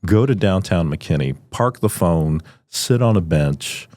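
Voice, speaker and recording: A man co-hosting a podcast in a studio, rambling with lots of fillers and restarts and quick to laugh. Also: sits low, lively intonation, a little mellow, dry recording. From Filipino family. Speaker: podcast co-host. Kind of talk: casual chat.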